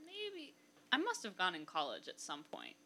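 Woman actor on a podcast, bright lively voice, giggly and chatty. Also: medium pitch, moderate pace, slight background noise. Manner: chatty, giggly, self-deprecating. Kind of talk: casual chat.

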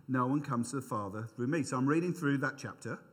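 A middle-aged man preaching in a loose, chatty way, full of asides and small jokes at his own expense. His voice sits at an ordinary middle pitch and rings out with a long hall reverb, as if from a church room. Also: fast talker. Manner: conversational, self-deprecating, thinks aloud with asides. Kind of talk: informal sermon.

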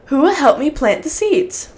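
A woman voicing a hardworking little red hen in a storybook read-aloud, asking in a bright storybook tone. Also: high voice, very animated, moderate pace, voice pushed up.

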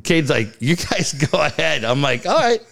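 Lively middle-aged man telling stories. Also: fairly high pitch, normal speed, vocal fry. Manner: animated storyteller acting out dialogue, swears freely. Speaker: podcast co-host. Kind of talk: casual chat.

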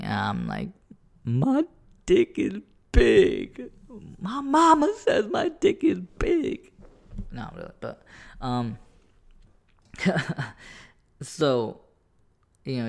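Man, casual storytelling, profane, rambling, fry in the voice. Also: medium pitch. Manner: rambling, profane, animated retelling.

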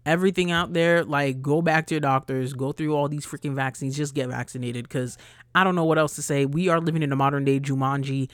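A young woman from New ranting bluntly as a podcast host, swearing freely and her voice jumping loud and high when she gets riled. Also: fairly even intonation, fairly quick, dry recording, studio quality. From New York, USA. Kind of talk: casual ranting monologue.

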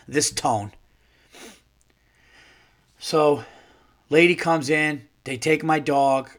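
A man hosting a podcast who tells a story in a casual monologue, ranting and swearing as he gets fired up. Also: on the high side. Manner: profane, animated ranting. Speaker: podcast host.

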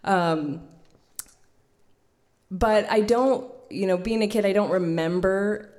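A woman in her thirties hosting a live storytelling night, telling a personal story to an audience in a chatty way, laughing often and filling pauses. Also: mid-range voice, darkish tone. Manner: chatty, laughing, many fillers. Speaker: storytelling event host and storyteller.

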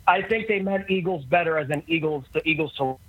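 A man with a New York accent calling in as a podcast guest, talking in halting, restarting sentences. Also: on the high side, no echo, phone-quality sound. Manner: halting, laughing easily. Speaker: phone-in guest. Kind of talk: casual chat.

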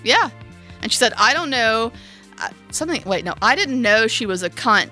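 A woman co-hosting a casual podcast, blunt and jokey, with frequent laughter. Her voice is bright and forward. Faint music sits behind her. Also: a little high, big pitch swings, moderate pace. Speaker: podcast co-host.

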